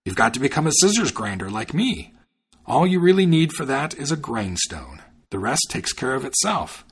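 Shrewd, smooth-talking tradesman, coaxing pitch, husky and lively, as a man voices him. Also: moderate pace.

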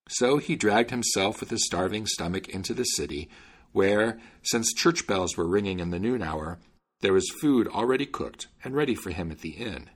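A man narrating a fairy tale in an expressive, lively reading style. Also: on the low side, moderate pace, slightly rough. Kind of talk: storybook narration.

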